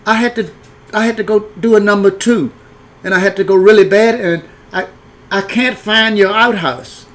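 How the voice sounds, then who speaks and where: A man's voice: high voice, moderate pace, fairly bright tone, voice pushed up. A man voicing his childhood self as a polite, puzzled little country boy. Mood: earnest.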